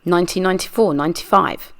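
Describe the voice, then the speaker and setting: A woman's voice: fairly low pitch, fast, fairly bright tone. A woman reading as a curt, guarded witness. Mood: terse, guarded. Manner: terse, evasive answers. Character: guarded adult woman witness under questioning. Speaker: true crime channel reader. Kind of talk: read-aloud deposition reenactment.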